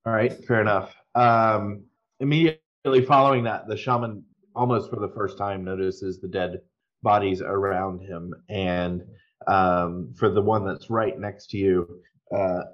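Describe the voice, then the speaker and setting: A man narrating as game master, relaxed and unhurried, with many ums and restarts. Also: fairly low pitch, lo-fi sound.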